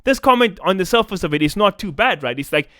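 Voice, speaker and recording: A man's voice: high voice, animated, quick pace, bright, forceful tone, no room sound, clean studio sound. A young South African man with a South African accent, ranting in a profane, casual-slang commentary vlog. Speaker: esports commentator.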